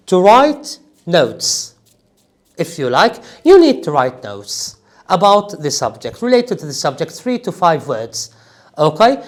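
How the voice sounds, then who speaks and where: A man in his forties with an Iraqi Arabic accent, an IELTS trainer giving a classroom lecture who speaks emphatically and keeps asking whether everyone follows. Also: high-pitched. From Iraq. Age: 40s. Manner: emphatic, checks in with "okay?" and "is that clear?".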